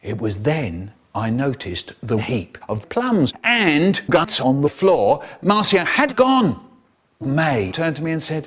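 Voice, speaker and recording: A man telling a comic story with a playful, dramatic delivery. His voice sits fairly high and swoops widely in pitch, while he takes his words slowly. Music plays clearly behind him. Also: wildly swooping pitch, fairly bright tone.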